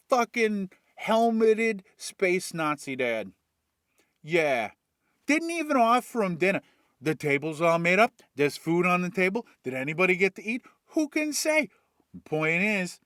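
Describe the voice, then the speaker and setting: A man retelling a movie plot as comedy, animated and full of swearing, jumping in and out of voices. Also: high-pitched, no echo, clean studio sound. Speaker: comedic storyteller.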